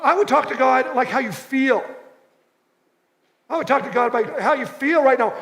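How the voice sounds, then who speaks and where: Preaching at normal speed with long pauses, a male pastor speaks in a very high, somewhat bright voice. His sermon feels conversational, punctuated by repeated short phrases, and the church auditorium gives it a long reverberant tail.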